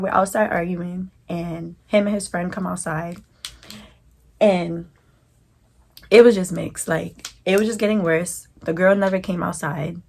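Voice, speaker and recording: New woman doing a storytime vlog, low husky voice, lots of slang. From New York. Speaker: vlogger.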